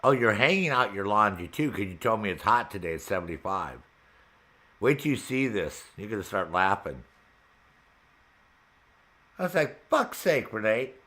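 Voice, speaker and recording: A man's voice: lowish voice, expressive, brisk, pushed and bright. A man hosting a gaming show, casually and profanely retelling his own frustration, often breaking into laughter. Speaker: gaming channel host. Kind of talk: casual chat while gaming.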